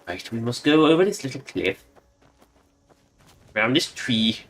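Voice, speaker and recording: A man's voice: medium pitch, big pitch swings, unhurried, a bit bright, soft background music. Sarcastic man streaming a game. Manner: sarcastic, rambling asides. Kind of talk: casual gameplay commentary.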